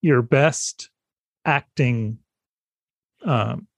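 A man's voice: medium pitch, extremely slow, vocal fry, no room sound, muffled recording. A man co-hosting a podcast interview in casual chat, often affirming the guest with short encouragements. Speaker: podcast co-host.

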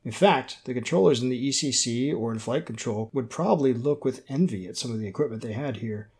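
Man, audiobook narration, steady, measured, mid pitch. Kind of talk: scripted narration.

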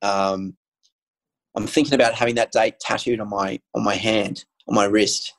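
A man's voice: lowish voice, steady tone, moderate pace, creaky, poor audio. A man, a guest telling a personal story in casual conversation, earnest and candid, with frequent ums and restarts. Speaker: guest sharing his story.

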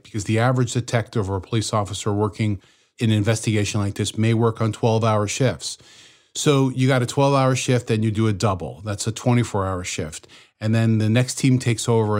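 Low-pitched man explaining police procedure. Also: darkish tone. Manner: explanatory, matter-of-fact. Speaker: podcast co-host, investigator. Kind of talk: true crime podcast explanation.

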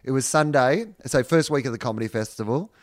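Animated Australian man telling a story. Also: medium pitch, quick pace, dry recording, clean studio sound. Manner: animated storytelling, swearing, laughing. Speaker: podcast co-host and stand-up comedian. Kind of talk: casual chat.

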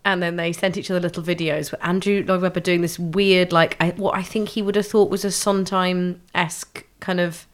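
A woman's voice: on the low side, fairly even intonation, moderate pace, few pauses. A woman co-hosting a podcast, chatting casually with wry humour and frequent laughter. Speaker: podcast co-host. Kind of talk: casual chat.

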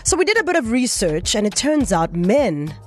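A woman hosts a radio talk show. She is lively and emphatic, swinging between punchy declarations and softer asides. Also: a little high, normal speed. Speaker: radio host.

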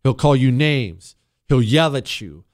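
A man's voice: mid-range voice, lively intonation, unhurried, no echo, clean studio sound. A man hosting a political talk radio show, sarcastic and emphatic, often repeating words for effect. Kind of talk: combative political commentary.

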